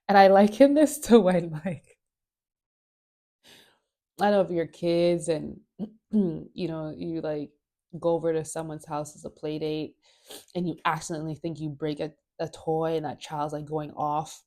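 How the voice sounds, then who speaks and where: Host, female, low pitch, mellow tone, casual and laughing, a bit under the weather. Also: fairly even intonation, normal speed, long pauses. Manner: chatty, laughs often, swears, playful asides. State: sick. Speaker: host of a Bible study show. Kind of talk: casual Bible reading and chat.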